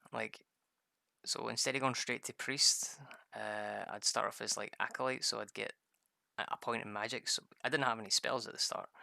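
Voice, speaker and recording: A man's voice: on the low side, gravelly, bright, forceful tone, no echo, studio quality. A man chatting casually over gameplay, telling rambling stories full of swearing. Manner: rambling, profane storytelling. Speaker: gamer.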